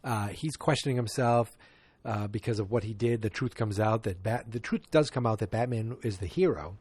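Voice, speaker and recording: A man reviewing a film on his podcast, talking loosely and piling up fillers and restarts as he rambles. His voice is fairly low and husky. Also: moderate pace, a little mellow, no room sound. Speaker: podcast host. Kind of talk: casual movie review podcast.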